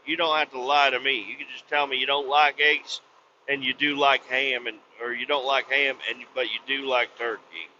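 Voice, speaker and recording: A man hosting a podcast, ranting bluntly with lots of swearing and sudden loud outbursts. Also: medium pitch, flat delivery, moderate pace, slight background noise. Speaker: podcast host. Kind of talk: profane comic rant. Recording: slightly dull lo-fi recording.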